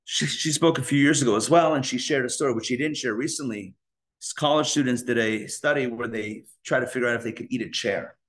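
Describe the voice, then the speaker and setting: A man's voice: a little high, fairly bright tone. A man, a rabbi, giving a live Torah class and acting out inner dialogues in shifting voices.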